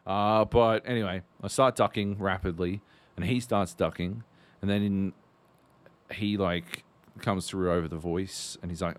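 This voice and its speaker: Low-voiced guy on a gaming podcast, swearing nonstop, rambly. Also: unhurried, no room sound. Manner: rambling, swears constantly, animated storytelling. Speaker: podcast co-host. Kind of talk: casual chat.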